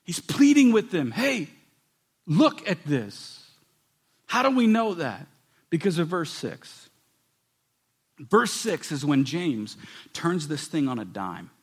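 Guy preaching a sermon, fairly high voice, gets loud then drops way soft. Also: sing-song, a little slow, slightly rough. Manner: swings from loud emphatic preaching to soft hushed delivery. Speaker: pastor.

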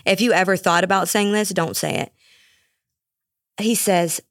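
Young woman, low-pitched and sarcastic, animated podcast host, dry room. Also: moderate pace, no room sound. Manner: sarcastic, animated, mocking asides. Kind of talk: casual solo podcast rant.

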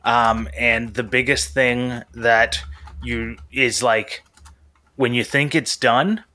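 A man's voice: medium pitch, steady tone, takes it slowly, sharp tone. A man co-hosting a casual podcast, speaking hesitantly with many fillers. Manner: hesitant, lots of "like" and "um". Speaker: podcast co-host.

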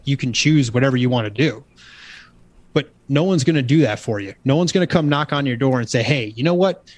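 A man's voice: mid-range voice, no room sound. A man guesting on a podcast interview, talking about his book in a casual, motivational way that turns preachy when he gets going. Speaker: guest author.

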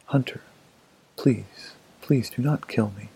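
A man voicing a desperate mother deer who gently begs a hunter for her life, in a gravelly, husky storybook reading. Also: medium pitch, slow, exaggerated voice, rough recording. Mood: pleading. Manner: begging softly.

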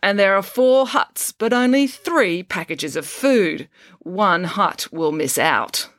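A woman's voice: medium pitch, animated, slow pace, a bit bright, dry recording. A woman voicing a smug female camp leader who gleefully announces a hard challenge, in a dry, close recording.

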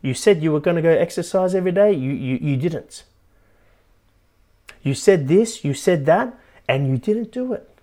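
A man's voice: fairly high pitch, animated, moderate pace, pauses often, dark tone, pitched above the performer's own voice, close to an everyday voice. A man voicing a nagging inner monkey, a doubting inner voice that bluntly scolds. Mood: scolding.

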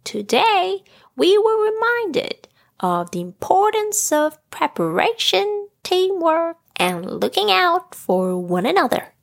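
Woman putting on a wise old owl, high and preachy, slow and a bit gravelly. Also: sing-song, full character voice.

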